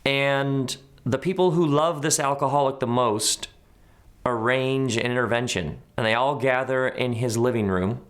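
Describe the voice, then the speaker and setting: A middle-aged man speaks as an interview guest, thoughtful and conversational. He tells stories and slips into the voices of the people in them. His pitch sits at an ordinary middle level. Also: measured pace. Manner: animated, acts out quoted voices in his stories. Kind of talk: reflective conversational storytelling.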